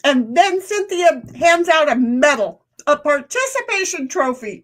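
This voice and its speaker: High-voiced woman chatting on stream. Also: very animated, measured pace, few pauses. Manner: rambling, reads viewer comments aloud; talks while eating. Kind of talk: casual live-stream chat.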